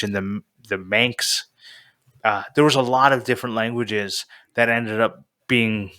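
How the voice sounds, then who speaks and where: A male podcast host with a bright, ringing tone in relaxed chat. He rambles, laughs at himself and fills pauses with "uh" and "like". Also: on the low side. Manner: rambling, self-deprecating, with frequent fillers.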